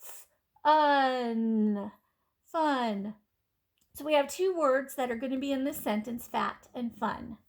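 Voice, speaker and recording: A woman teaching kindergarten children phonics, sounding out letters and words slowly and clearly in a patient, encouraging way. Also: high voice. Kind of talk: phonics lesson for young children.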